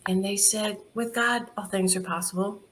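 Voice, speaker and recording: A woman's voice: medium pitch, moderate pace, slight background noise. A middle-aged woman, a charity founder, telling stories in a casual interview, laughing often and acting out the people she quotes. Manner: lively anecdotal, laughs often, acts out quoted dialogue.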